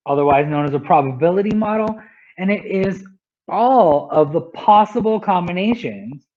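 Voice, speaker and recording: A man's voice: high voice, lo-fi sound. A male teacher explaining a math lesson step by step, often checking in with "right?".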